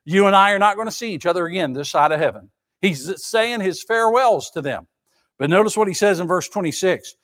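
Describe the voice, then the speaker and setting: Man, pastor, high voice, emphatic sermon, rhetorical questions. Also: animated, fairly quick, fairly bright tone.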